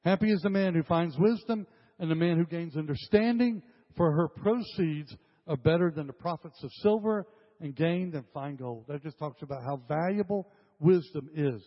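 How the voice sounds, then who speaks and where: An older male pastor preaches with emphasis, his somewhat high voice hammering phrases home again and again. The sound is dull and lo-fi, carrying a long reverb off a church hall. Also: normal speed. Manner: emphatic, repeats phrases, addresses the congregation directly. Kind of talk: sermon.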